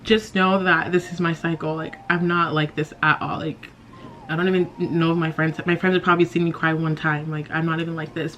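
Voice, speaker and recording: A young beauty vlogger with a fairly low voice chats casually in a get-ready-with-me makeup session, emotional and close to crying, sighing and laughing nervously. Slight background noise can be heard.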